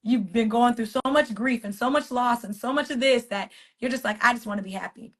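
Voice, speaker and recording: A woman with a fairly high voice, talking at normal speed, hosts a casual motivational live stream on her phone. As an author and wellness coach running it weekly, she chats with viewers, speaks emphatically and repeats phrases.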